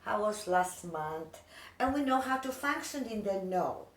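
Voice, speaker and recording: A woman's voice: mid-range voice, animated, unhurried. Earnest older immigrant woman, echoey. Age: 60s. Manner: earnest, broken English, heartfelt. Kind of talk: emotional personal talk. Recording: echoey room, mic far off.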